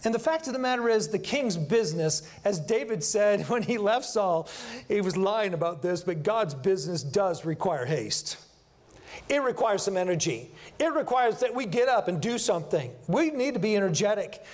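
Animated, high-pitched man preaching. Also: moderate pace. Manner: animated, emphatic, repeats key phrases. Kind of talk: sermon. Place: church sanctuary.

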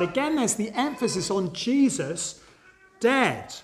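High-voiced man preaching an Easter sermon. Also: lively intonation, moderate pace, background noise. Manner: earnest, emphatic, addresses listeners directly. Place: church service.

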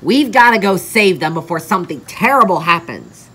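A woman performing a homemade plush toy adventure, voicing every character herself and jumping between high and low character voices. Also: lively intonation, normal speed, a bit bright, husky. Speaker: plush toy video maker.

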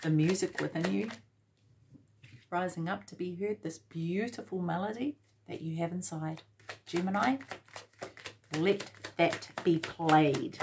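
A woman giving a tarot reading at an unhurried pace. She urges the listener on and repeats her points, addressing them directly. Her voice sits a little low for a woman. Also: noisy background. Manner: encouraging, repetitive, direct address. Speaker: tarot reader.

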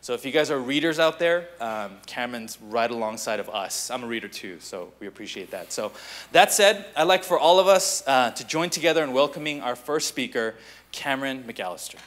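A pastor hosts a church conference and introduces its first speaker over a stage mic in a large hall. His voice is mid-pitched, bright and forceful. He talks in a relaxed, friendly way and leans on lots of filler words. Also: brisk. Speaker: youth pastor and event host.

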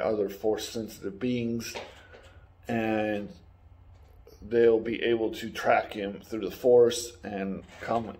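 A man's voice: on the low side, darkish tone. A man giving a casual, rambling spoiler recap of a TV episode, swearing now and then and acting out the characters' lines. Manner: rambling, swearing, acts out quotes. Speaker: YouTube reviewer.

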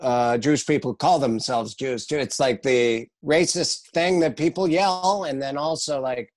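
A man guesting on a comedy podcast in casual chat, dry and hesitant, slipping in deadpan jokes. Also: medium pitch, moderate pace, hardly any pauses.

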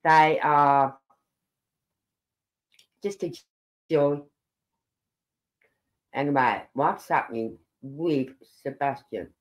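An older live-stream host chats casually and at length. The talk wanders from topic to topic and keeps turning back to the audience. The voice sits at an ordinary middle pitch. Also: extremely slow, pauses often. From Birmingham, England. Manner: rambling, chatty, talks straight to viewers. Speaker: livestream host.

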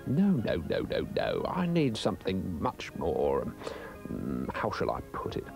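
A pompous cartoon dog muses in a self-satisfied, lofty way, voiced by a man. The voice sits low and mellow but moves around a lot. Gentle music plays underneath. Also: huge pitch swings, a little slow, creaky, full character voice. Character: pompous self-important male dog writer.

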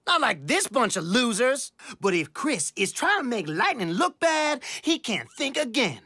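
A woman's voice: on the high side, sing-song, unhurried, pushed and bright, dry recording, clean studio sound, heavily acted. A woman voicing a cocky young male athlete who brags and talks about himself in the third person. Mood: boastful. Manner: boastful, brash.

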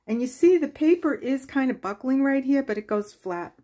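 A woman's voice: high-pitched, lively intonation, moderate pace, warm tone. A woman hosting a watercolor craft tutorial, chatting casually and laughing as she tells stories while she paints. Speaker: craft channel host.

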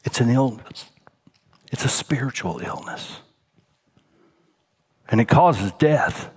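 A man preaching a sermon as senior pastor, dropping to a hushed near-whisper on tender points and rising in pitch as he tells a story. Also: animated, slow, breathy edge.

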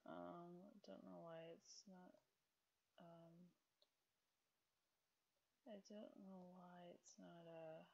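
Slow-talking woman rambling over gameplay. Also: on the low side, fairly even intonation, gravelly, darkish tone. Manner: rambling with many fillers, scolds game characters aloud. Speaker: gaming video host. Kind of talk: casual gameplay commentary.

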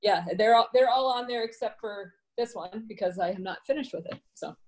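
Woman, sculptor, modest and soft-spoken, higher voice, video call. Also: brisk, poor audio. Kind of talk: casual chat on a video call.

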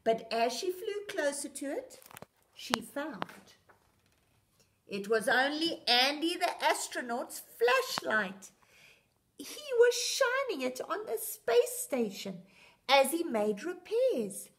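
A woman reading a picture book aloud to young children on a children's show, expressive and sing-song. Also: high voice, slow pace.

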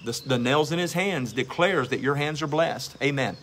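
A man's voice: fairly high pitch, normal speed, fairly bright tone, a little hiss or hum. A man preaching a sermon as pastor, emphatic and exhorting, repeating phrases for stress.

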